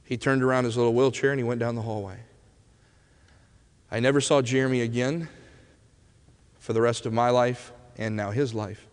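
A man preaching a sermon as an animated storyteller who swings from loud bursts to hushed moments, in a church sanctuary. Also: mid-range voice, moderate pace, long pauses, smooth, long reverb tail.

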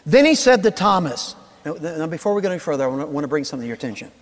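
A man preaching a sermon in a church, playful and animated, calling on the congregation to answer back. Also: on the high side, very fast. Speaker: pastor. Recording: long reverb of a large hall.

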